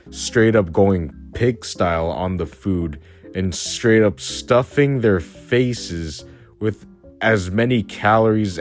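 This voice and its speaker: A young man with a deep, low voice delivers a casual rant. His tone is blunt, crude and mocking, and his speech is full of slang. Faint background music plays beneath him.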